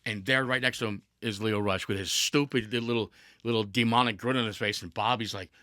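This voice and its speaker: A man's voice: lowish voice, steady tone, a little fast, sharp tone, no room sound. A man hosting a casual podcast, telling a story with energy, with laughs and restarts along the way. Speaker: podcast host.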